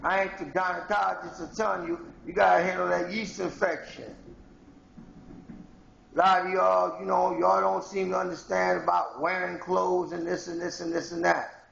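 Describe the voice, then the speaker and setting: A man's voice: high voice, level tone, normal speed, gravelly, fairly bright tone, echoey room, muffled recording, slight background noise. A man from Haiti delivering a rambling, confrontational monologue straight to his viewers in a home video blog. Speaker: video blogger. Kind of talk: ranting monologue to camera.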